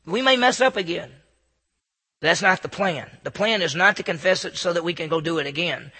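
A man's voice: high voice, a little fast, sharp tone, breathy edge, in a large hall. A man giving an earnest, informal devotional talk to a group in a room, often stammering and restarting his sentences. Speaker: Christian speaker.

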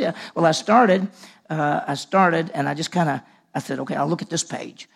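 A man's voice: a little high, normal speed, gravelly, slightly rough. A man preaching to a room, telling a personal story and acting out the dialogue, originally from Mississippi. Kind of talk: sermon storytelling. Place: large room with audience.

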